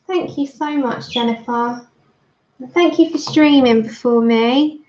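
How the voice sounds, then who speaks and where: A woman's voice: high voice, takes it slowly, darkish tone. A woman chatting casually to her livestream viewers while she colours, thanking them by name. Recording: dull lo-fi stream audio.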